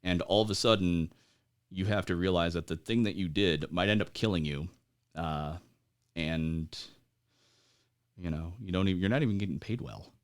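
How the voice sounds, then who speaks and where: A man with a very low voice talks through his memories as an interview guest. He hesitates often, fills gaps with "uh" and "you know," and laughs wryly at dark moments. He is an American veteran in his forties. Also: clear, resonant tone. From United States. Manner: halting, many fillers, laughs at grim moments. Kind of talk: conversational interview storytelling.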